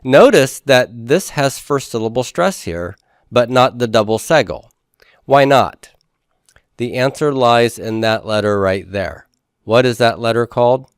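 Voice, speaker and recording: In this classroom lecture, a man walks through Hebrew grammar step by step, asking the class questions and then supplying the answers himself. His mid-range voice is clear and resonant, his pace measured, and the recording is dry, clean studio sound.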